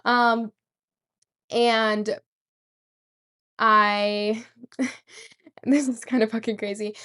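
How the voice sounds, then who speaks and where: A woman's voice: medium pitch, a bit bright. A young woman vlogger telling a rambling story and swearing casually. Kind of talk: storytime vlog.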